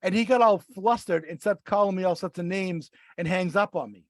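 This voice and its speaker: A man co-hosting a podcast, telling a long story in casual chat, animated and acting out the voices he quotes. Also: sits high, brisk, dry recording. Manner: animated, acts out quoted voices, many restarts. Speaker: podcast co-host.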